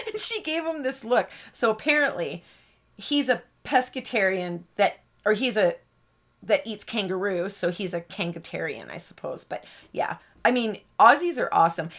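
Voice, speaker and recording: A woman hosts a craft live stream in a bubbly, rambling way. She laughs often as she chats with viewers. Her voice sits at a middle pitch. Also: a bit bright. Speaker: host of a card-making live stream. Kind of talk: chatty live-stream banter.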